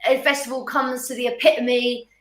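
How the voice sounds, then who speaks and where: Brief: woman guest from Norfolk, meandering chat, a bit high, echoey room. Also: level tone, moderate pace, a bit bright. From Norfolk, England. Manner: rambling, hedging with like and you know. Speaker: musician guest. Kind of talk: casual interview chat.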